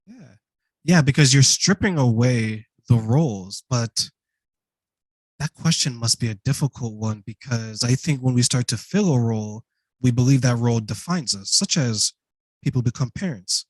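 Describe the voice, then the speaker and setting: A man's voice: medium pitch, moderate pace, dry recording, low-quality recording. Guy hosting the chat, mid voice, dry sound, sums things up and checks. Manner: thoughtful, sums up and checks understanding. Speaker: host. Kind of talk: conversational interview.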